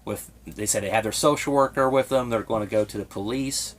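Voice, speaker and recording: A young man with a slightly low-pitched voice speaks in a confessional vlog. He sounds timid and emotionally raw. He stumbles, breaks off and restarts his sentences as he goes. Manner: hesitant, halting storytelling with many restarts. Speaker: vlogger.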